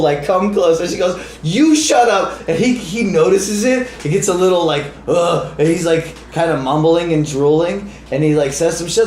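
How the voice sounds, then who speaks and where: A man co-hosting a podcast, telling a story in a casual, animated way, swearing freely and acting out the people in it. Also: on the high side. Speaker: podcast co-host. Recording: roomy with faint noise.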